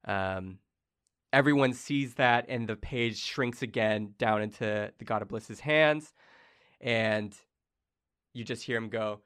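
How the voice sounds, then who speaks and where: Young man narrating a tabletop game, bright. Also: on the low side, takes it slowly, clear, resonant tone. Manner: casual, rambling, many fillers. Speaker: game master.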